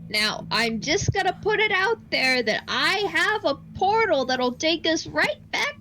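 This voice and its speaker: A woman's voice: very high voice, big pitch swings, unhurried, bright, forceful tone, faint music behind. A woman playing a tabletop game, brash and swearing as her character. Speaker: player. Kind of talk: tabletop role-play.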